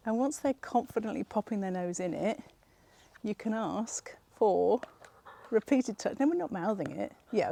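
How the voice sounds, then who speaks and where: A woman's voice: mid-range voice, gravelly, mellow. Patient woman dog trainer. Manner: patient, encouraging, explaining step by step. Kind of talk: hands-on dog training instruction.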